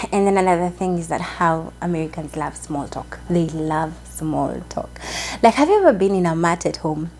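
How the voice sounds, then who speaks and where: A woman's voice: lowish voice, warm tone, slight background noise. A young Kenyan woman chatting to camera as a vlogger, rambling and chatty with lots of fillers and Swahili phrases. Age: young adult. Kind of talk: casual chat to camera.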